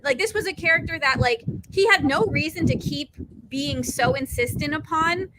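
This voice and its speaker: Panel guest: high, bright-voiced woman, chatty and loose, calling in from home. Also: normal speed, slight background noise, rough recording. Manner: chatty, lots of "like" fillers. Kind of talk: casual panel chat. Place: a house.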